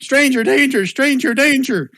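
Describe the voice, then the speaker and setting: A furious little boy shrieks and screams in a high, bright voice, as a man puts him on for a tabletop game. He is small, fierce and protective, and he sounds sharp with a dry, close tone. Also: moderate pace, dry recording, heavily acted. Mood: screaming angry. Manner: shrill screaming.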